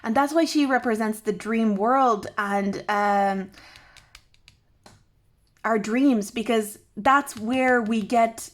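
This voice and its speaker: A woman tarot reader thinking aloud to camera, musing and restarting her sentences as ideas come to her. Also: on the high side. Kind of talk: intuitive tarot reflection to camera.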